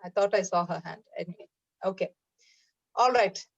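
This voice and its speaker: A woman's voice: fairly low pitch, moderate pace, creaky, dry recording. Woman moderating a muffled video call. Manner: casual, hesitant with fillers. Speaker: class moderator. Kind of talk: moderating an online class.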